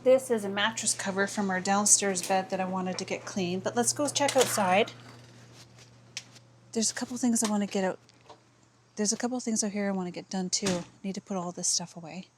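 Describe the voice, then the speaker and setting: A woman's voice: mid-range voice, a little fast, background noise. Woman, casual cleaning vlog, rambling, self-mocking, home indoors and yard, camera mic. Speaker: vlogger, housewife. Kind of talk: casual chat while cleaning.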